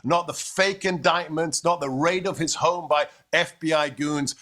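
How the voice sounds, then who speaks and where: A middle-aged man, an immigrant to the United States, speaks as a guest commentator with a forceful, bright, ringing tone. He talks in emphatic rhetoric and drives each point home, slipping into stories along the way. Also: on the high side, brisk, hardly any pauses. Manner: forceful, rhetorical, with storytelling and impressions.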